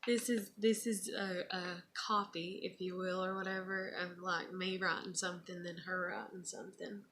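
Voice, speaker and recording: A woman's voice: on the low side, little pitch movement, normal speed, slight background noise. A woman in her thirties, a mother, casually chatting and reading her child's old letters aloud, rambling and emotional. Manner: rambling, soft-spoken, emotional. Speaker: vlogger, mother.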